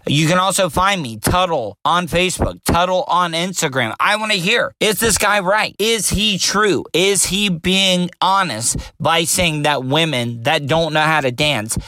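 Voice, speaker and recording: A man from Florida hosts a casual solo podcast, his voice sitting a bit high for a man. He rambles crudely and circles back on his own words. The sound is close and completely dry, with no room around it. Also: measured pace, hardly any pauses, bright, forceful tone, no echo, low-quality recording. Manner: rambling, crude, repeats himself. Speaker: podcast host.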